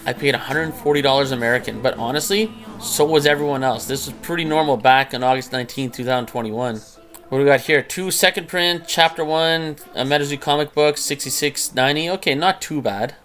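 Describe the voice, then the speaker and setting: A man's voice: mid-range voice, fairly quick, a bit bright, faint music behind. A man casually commenting on his own past card purchases in a chatty, incredulous way, often laughing at himself. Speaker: trading card collector and channel host. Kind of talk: casual commentary over a screen recording.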